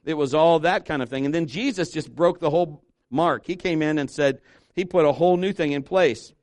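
A man preaching a sermon as pastor, animated and emphatic, dropping softer and lower when reading scripture aloud. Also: a little fast, no echo.

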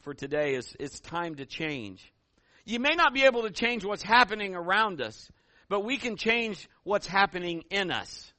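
A middle-aged man preaching a sermon as pastor, telling stories in an animated way and building to loud calls. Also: high voice, dry recording.

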